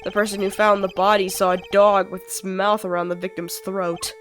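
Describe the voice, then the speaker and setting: A woman's voice: medium pitch, flat delivery, normal speed, lightly acted. A sick-sounding woman voicing a composed male prosecutor, delivering lines in a dry, matter-of-fact way over faint music. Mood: cool.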